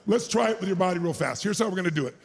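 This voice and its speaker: Gravelly, high-voiced man pumping up a crowd. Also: racing. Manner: energetic, crowd-pumping, shouting; crude, joking asides. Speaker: motivational speaker. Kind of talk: motivational speech to a live crowd. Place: arena stage.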